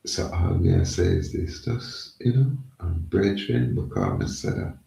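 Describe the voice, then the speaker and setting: A man's voice: deep voice, wildly swooping pitch, unhurried, gravelly, warm tone. A man talking in a rambling, emphatic casual monologue, repeating himself. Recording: echoey, from far off the mic.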